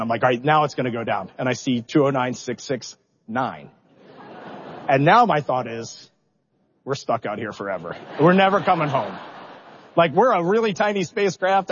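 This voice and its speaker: A middle-aged man with a slightly high voice, a spacecraft commander, shares stories in a public interview, captured in a muffled recording. He gets animated, makes fun of himself, acts out his reactions, and at moments is close to tears.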